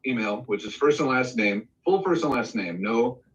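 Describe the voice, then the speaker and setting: A man's voice: mid-range voice, normal speed, distant mic, muffled recording. A man telling a recording studio anecdote on a live video call, acting out the quotes. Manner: animated anecdote with acted-out quotes. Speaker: guest telling a studio story. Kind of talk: casual storytelling on a live stream.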